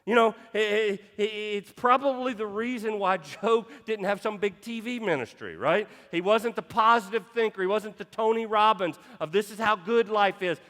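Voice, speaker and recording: A man's voice: high voice, moderate pace, hardly any pauses, pushed and bright, in a large hall. A man pastor preaching a sermon with passion, stumbling into restarts as he drives each point home. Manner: impassioned preaching with repeated restarts. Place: church sanctuary.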